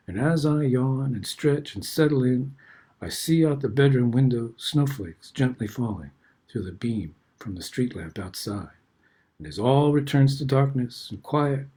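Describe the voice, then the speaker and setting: Husky older man reading reflective essays. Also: medium pitch, darkish tone. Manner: reflective, unhurried literary reading. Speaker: host reading his own essays. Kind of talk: reading personal essay aloud.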